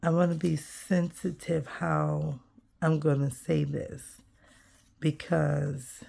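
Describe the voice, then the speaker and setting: Slow gravelly woman musing softly. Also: low voice, level tone. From United States. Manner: soft-spoken, musing, trails off with ums. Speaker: crafting vlogger. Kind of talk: reflective casual vlog while gluing paper.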